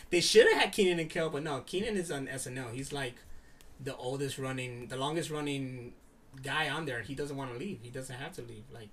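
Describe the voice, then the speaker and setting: A man chatting casually, animated and full of fillers, now and then swearing. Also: mid-range voice, normal speed, distant mic. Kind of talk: casual chat.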